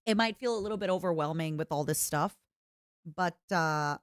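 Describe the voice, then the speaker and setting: A woman streamer chatting casually with her viewers, rambling and animated, often restarting her sentences. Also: lowish voice, moderate pace, clean tone, no room sound, studio quality. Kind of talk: casual livestream chat.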